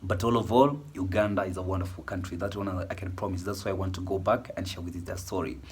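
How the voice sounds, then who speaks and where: Guy vlogging with a cold, low husky voice, rambles and chats. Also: steady tone, quick pace. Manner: rambling, chatty, with many fillers. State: has a cold, voice worn. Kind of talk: casual chat to camera.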